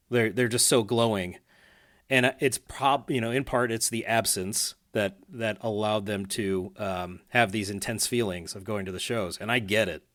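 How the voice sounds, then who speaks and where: A man's voice: mid-range voice, a bit bright. Chatty male podcast host. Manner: chatty, laughs easily, many fillers and restarts. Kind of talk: casual podcast chat.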